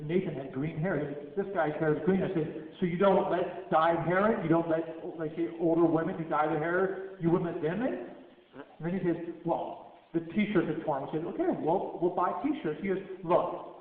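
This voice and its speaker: A man tells a story to a live audience and acts out each exchange in lively voices. His voice sits high for a man. The sound is thin and phone-like, with heavy room echo and a long reverb tail. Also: normal speed. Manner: animated storyteller acting out dialogue. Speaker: speaker at a Q&A. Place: skate shop. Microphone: cell phone from the audience. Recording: tinny phone recording in an echoey room.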